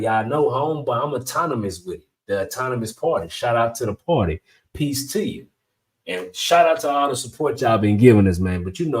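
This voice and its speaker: A man hosts a political commentary channel in a blunt, slang-filled style. He talks directly to his viewers at an ordinary, middling pitch. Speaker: channel host.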